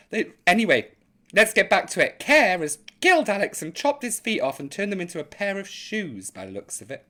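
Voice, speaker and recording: A woman's voice: on the low side, sing-song, normal speed, sharp tone. A woman hosting a live online chat show, camp, theatrical and gossipy in her comic banter.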